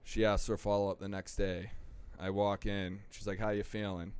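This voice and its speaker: A young man telling his recovery story in casual talk, animated and acting out the people he quotes. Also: fairly low pitch, moderate pace, clean tone. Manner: animated, acts out quoted voices. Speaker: podcast guest.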